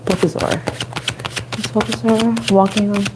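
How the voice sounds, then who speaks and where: A woman from the Bronx with a New York accent, chatting and thinking out loud as she gives a live tarot reading to viewers. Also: medium pitch, fairly even intonation, measured pace, heavy background noise. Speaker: tarot reader.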